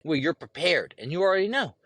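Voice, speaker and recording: A man's voice: a little high, big pitch swings, fast talker, a bit bright, no room sound. A man hosting a podcast, delivering a heated, profane monologue and lecturing his listeners. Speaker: podcast host.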